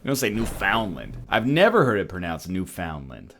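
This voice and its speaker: Lively, joking man. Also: mid-range voice, quick pace, slight background noise. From Canada. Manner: joking, riffing, sarcastic. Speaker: streamer. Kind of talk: casual gaming stream chat.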